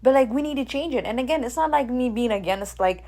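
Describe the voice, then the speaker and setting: A woman's voice: fairly high pitch, fast talker. Blunt woman. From Ethiopia. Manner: blunt, animated, swears freely, keeps asking "right?". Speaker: radio show host. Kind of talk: casual opinion monologue.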